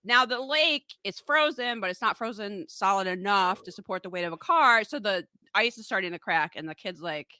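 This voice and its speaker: Animated, sarcastic woman recapping a film. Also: fairly low pitch, no echo. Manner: animated, sarcastic, swears freely. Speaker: podcast co-host. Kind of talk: casual comedic film recap.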